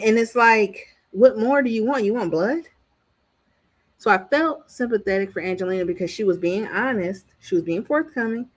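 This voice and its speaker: A woman reviewing a reality TV show in casual commentary. She speaks bluntly, swears freely and acts out what the cast said. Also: a little high. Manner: animated, acts out what others said.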